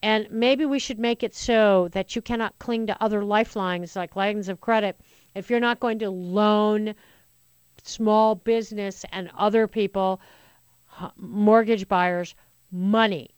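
A woman's voice: mid-range voice, fairly even intonation, unhurried, clean tone, no echo. Indignant talk radio host, woman. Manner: chatty and indignant, with sarcastic asides. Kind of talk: opinionated talk radio monologue.

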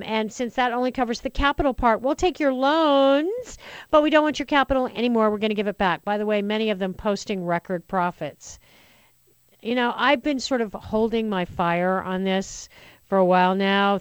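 Woman, talk radio host, chatty and indignant with sarcastic asides, smooth voice in a dry studio. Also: medium pitch, no room sound. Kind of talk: opinionated talk radio monologue.

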